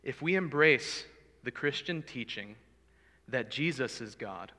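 A man's voice: medium pitch, expressive, measured pace. Earnest male preacher in a reverberant hall. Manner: earnest, pleading, swells loud for emphasis. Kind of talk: sermon.

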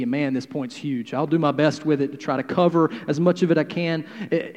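A man preaching a sermon, swinging from hushed, quiet passages to loud, emphatic declarations. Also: on the high side. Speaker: pastor. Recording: long hall reverb.

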